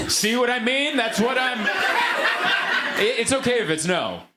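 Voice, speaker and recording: A male stand-up comedian telling an animated story, acting out dialogue and laughing along. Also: extremely high pitch, slow pace, heavy background noise.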